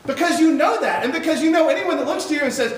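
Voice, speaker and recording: A man giving an emphatic chapel talk to high school students, often putting questions to the audience. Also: expressive, fast, a little hiss or hum. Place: large echoey chapel hall. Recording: echoey hall recorded from far off.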